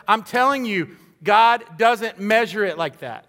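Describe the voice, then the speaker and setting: A man's voice: high voice, normal speed, pushed and bright, big-room sound. A man preaching a sermon in an earnest, conversational way, acting out little quoted voices as he goes. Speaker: pastor.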